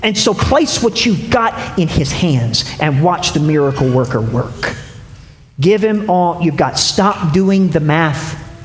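High-voiced pastor preaching in an echoey hall. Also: male voice. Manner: animated, acts out voices in dialogue. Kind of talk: sermon. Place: church sanctuary. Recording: echoey hall with faint ambience.

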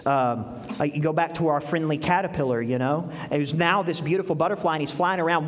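A middle-aged male pastor preaching a sermon, telling stories animatedly and sometimes acting them out with high cries. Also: fairly quick. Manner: animated storytelling, acts out voices with high-pitched cries. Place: church hall. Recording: dull sound, long hall reverb.

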